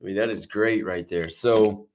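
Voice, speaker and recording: A man's voice: lowish voice, normal speed, a little mellow. A man co-hosting a casual podcast, teasing his partner, laughing often and pressing with questions. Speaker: podcast co-host.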